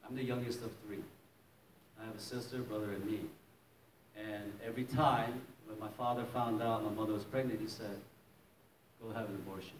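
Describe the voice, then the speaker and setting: A man's voice: on the low side, fairly even intonation, brisk, far from the mic, a little hiss or hum. Man preaching, echoey church hall. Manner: storytelling, chuckling often, acting out quotes. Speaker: pastor. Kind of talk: sermon.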